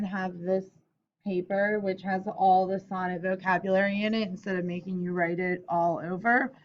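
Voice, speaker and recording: A woman's voice: mid-range voice, highs cut off. A young adult woman teacher explaining a lesson to her students in a friendly, casual way with chatty asides.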